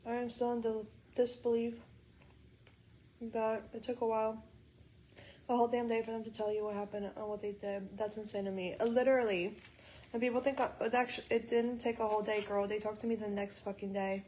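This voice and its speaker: A woman's voice: fairly high pitch, little pitch movement, fairly quick, a little mellow, a little hiss or hum, rough recording. A young woman vlogging from a hospital room, venting with frustration and plenty of swearing. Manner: frustrated, swearing, quoting others in dialogue. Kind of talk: venting to camera.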